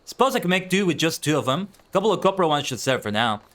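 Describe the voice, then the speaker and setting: A man voicing a weary, broken-down old male fisherman, reading game dialogue in a rough, gruff put-on dialect. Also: a little high, sing-song, fast, fairly bright tone, voice pushed up.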